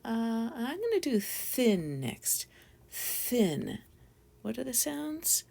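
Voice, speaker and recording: A woman teaching a phonics spelling lesson to young children, sounding out each letter slowly and deliberately. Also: a little high, big pitch swings, gravelly, dark tone.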